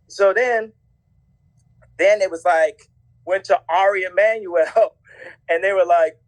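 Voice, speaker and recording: High-voiced man talking loosely. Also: measured pace, rough recording. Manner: rambling, laughs while telling stories. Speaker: interview guest. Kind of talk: casual conversation.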